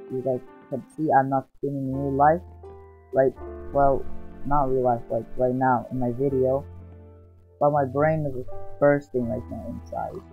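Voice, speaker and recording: A man hosting his gaming channel, giving casual, rambling commentary over his gameplay and often exclaiming with excitement. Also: mid-range voice. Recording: dull lo-fi sound. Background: faint background music.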